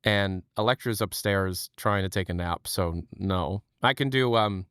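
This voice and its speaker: Smooth-voiced, chatty male streamer. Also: low-pitched, moderate pace, a bit bright, dry recording, clean studio sound. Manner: chatty, joking, swears, laughs often. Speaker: livestream host. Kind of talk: casual chat.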